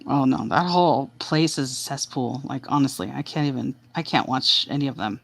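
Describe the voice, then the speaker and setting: A woman's voice: very deep voice, moderate pace, gravelly, no room sound. A woman co-hosting a casual livestream chat, blunt and heated, swearing freely. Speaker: livestream co-host.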